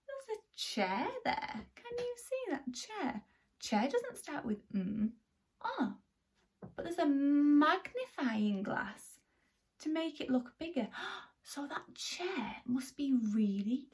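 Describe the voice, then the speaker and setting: An animated woman teaching young children to read, speaking slowly and deliberately. Her voice sits a bit high and she gasps and drops to whispers for effect. She sounds slightly set back from the microphone. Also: far from the mic. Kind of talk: children's phonics lesson.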